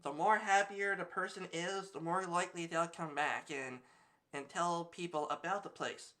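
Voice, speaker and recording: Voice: medium pitch, steady tone, normal speed, bright, forceful tone. A streamer reacting to videos in casual, rambling commentary full of fillers.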